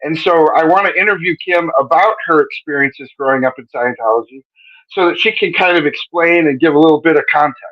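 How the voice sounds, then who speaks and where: A man with a fairly high voice hosts a live-stream interview over a video call, joking and rambling as he goes. The audio is dull and lo-fi. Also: brisk. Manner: joking, rambling, self-correcting. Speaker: interview host.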